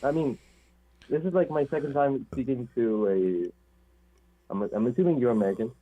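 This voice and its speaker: A man's voice: mid-range voice, normal speed, warm tone. A young man from Mexico calling in on the phone, eager, laughing often and modest. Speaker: caller. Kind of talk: phone call-in chat. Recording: tinny phone line.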